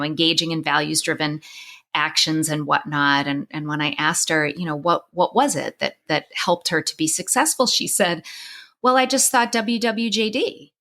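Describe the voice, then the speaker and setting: A woman's voice: sits low, moderate pace, creaky, sharp tone. A middle-aged woman podcast host and psychologist, telling a personal story in conversation, candid and emotional with many restarts, crying at times.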